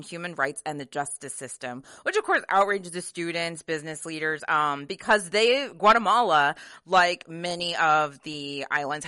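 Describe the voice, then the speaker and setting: A lively woman in a casual political chat, emphatic and quick to laugh. Her voice sits a little low but sounds bright and forceful. The sound is dry and close. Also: no echo. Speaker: podcast co-host.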